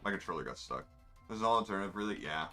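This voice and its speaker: A man's voice: low-pitched, expressive, fast, sharp tone, soft background music. A man, rambling in wry, offhand asides while commenting on his racing game. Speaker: gamer streaming a race. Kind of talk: casual gameplay commentary.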